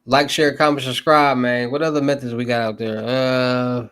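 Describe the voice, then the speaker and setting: A man's voice: mid-range voice, level tone, normal speed, a bit bright, no room sound. Slangy young man rambling on a livestream. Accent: Southern US. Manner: loose, rambling, slangy, asks chat for topics. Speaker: livestream host. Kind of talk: casual livestream talk to chat.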